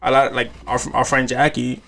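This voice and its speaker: A man's voice: mid-range voice, level tone, normal speed, gravelly, sharp tone. A man from California hosting a podcast, telling stories in loose, slangy casual chat with many fillers. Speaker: podcast host.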